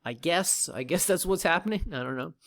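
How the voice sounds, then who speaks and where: A man's voice: on the high side, lively intonation, a little fast, vocal fry, a bit bright. A man hosting a casual land-sales video, talking straight to viewers with a wry, joking manner. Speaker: land company host.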